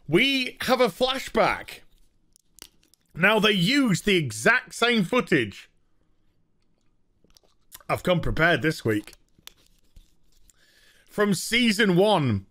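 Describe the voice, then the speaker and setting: A man's voice: sits high, bright, forceful tone. Sarcastic English man reviewing TV. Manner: mocking, exasperated, laughing. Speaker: host.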